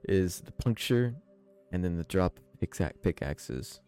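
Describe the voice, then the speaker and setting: A man with a very low voice narrates a tabletop adventure as game master. He keeps it casual and swears now and then. Faint music plays behind him. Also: animated, a little slow, a little mellow, smooth.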